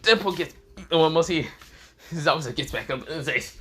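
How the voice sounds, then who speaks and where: A man's voice: on the high side, normal speed, sharp tone, husky. A young man improvising a comic fan story, rambling and crude with many fillers. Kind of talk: improvised comedic story narration.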